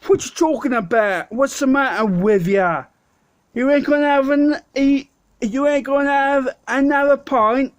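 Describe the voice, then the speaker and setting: A Welsh man imitating a brash, boozy Cockney woman pushing drinks with a high, pushy voice. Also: a little slow, no room sound. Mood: pushy, coaxing. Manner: pushy, loud, coaxing.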